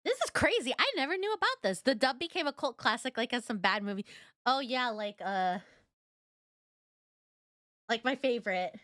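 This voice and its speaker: A woman's voice: a little high, expressive, moderate pace, pauses often, pushed and bright, dry recording, clean studio sound. A woman streamer chatting casually with her viewers, giggly and rambling, with lots of fillers. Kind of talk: casual reaction chat.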